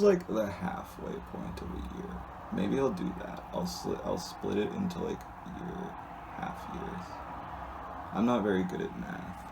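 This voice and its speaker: Man, deep voice, slow talker, rambling casual delivery, hesitant with restarts. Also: vocal fry, noisy background. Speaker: solo video host reading comics. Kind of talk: casual, unscripted comic descriptions.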